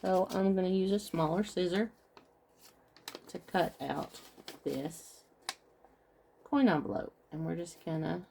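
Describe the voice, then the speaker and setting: A woman's voice: fairly low pitch, unhurried, vocal fry, pauses often, dark tone, a little hiss or hum. A woman craft vlogger chatting casually with viewers as she talks through each step of her project. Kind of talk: casual craft tutorial chat.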